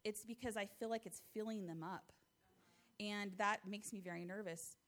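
A woman's voice: medium pitch, fairly even intonation, normal speed, a bit bright. An American woman in her thirties giving an earnest, heartfelt testimony to a church congregation. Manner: earnest, heartfelt storytelling with light laughs.

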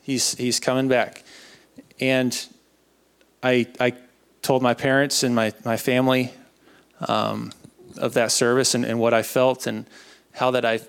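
A young man tells a personal faith testimony in an earnest, halting way, often doubling back on his words. His voice has a gravelly, creaky edge at a middling pitch. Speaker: speaker sharing a testimony.

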